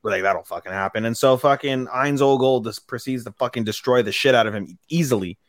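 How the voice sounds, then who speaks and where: Profane, animated man on a dry mic. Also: medium pitch, brisk, no room sound. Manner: profane, animated retelling, acts out characters' lines. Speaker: podcast co-host. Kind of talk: casual anime recap chat.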